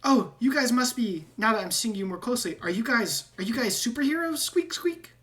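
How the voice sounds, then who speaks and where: A woman voicing a nervous male rat person who squeaks between his words while playing a tabletop game. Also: expressive, brisk, fairly bright tone. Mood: worried. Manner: peppers every phrase with squeaks.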